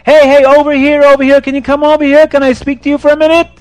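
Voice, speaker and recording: A man voicing a lonely imprisoned king who calls out and pleads loudly for help. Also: very high-pitched, normal speed, no room sound, voice pushed up. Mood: pleading.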